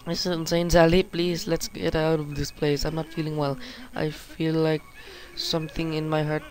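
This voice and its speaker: A man giving excitable gameplay commentary, swearing and reading game text aloud. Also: fairly high pitch, normal speed, soft background music. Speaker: gaming video host.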